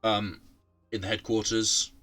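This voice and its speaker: A man's voice: lowish voice, little pitch movement, measured pace, a bit bright, soft background music. A man running a tabletop game from home, narrating with many ums and restarts. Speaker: game master.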